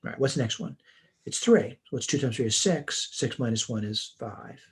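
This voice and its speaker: Speaking at a normal pace in a slightly rough, mid-range voice, a math instructor methodically works through homework problems in a recorded lesson. The audio comes from a computer mic as he writes on a tablet.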